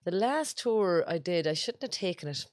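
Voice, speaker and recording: Low-voiced Irish woman, dry sound. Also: lively intonation, moderate pace, darkish tone, no echo. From Ireland. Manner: teasing, chatty, with fillers and restarts. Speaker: podcast co-host. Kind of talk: casual chat, storytelling.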